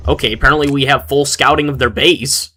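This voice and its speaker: Bright-voiced chatty young gaming streamer man. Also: medium pitch, steady tone, fairly quick, slightly rough. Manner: chatty, rambling, reads chat aloud. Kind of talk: casual gameplay commentary.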